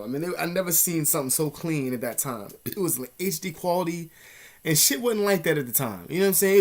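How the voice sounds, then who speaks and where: Profane, animated young man telling a story. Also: medium pitch. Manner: profane, animated, streetwise slang. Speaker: vlogger. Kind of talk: casual storytelling to camera.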